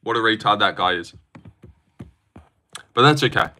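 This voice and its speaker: A man's voice: on the low side, expressive, moderate pace, sharp tone. A young man on a live stream, reading and answering chat with sarcastic, argumentative, swear-filled talk.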